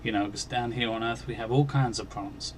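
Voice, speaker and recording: A man's voice: medium pitch, steady tone, a little hiss or hum. Guy on his faith channel telling about a dream, earnest, stops and restarts a lot, gets emphatic. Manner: earnest, halting, with many restarts. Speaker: Christian video channel host. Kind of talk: recounting a dream as personal testimony.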